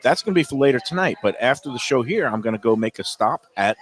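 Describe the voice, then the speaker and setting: A man hosting a show on location at a restaurant, chatting casually and telling stories with animated energy. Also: medium pitch, fast. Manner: chatty storyteller, animated when excited. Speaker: show host. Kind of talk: casual chat.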